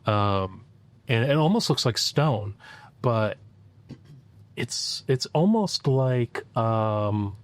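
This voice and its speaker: A man narrating as game master, describing scenes in a halting way with frequent fillers. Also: mid-range voice, animated.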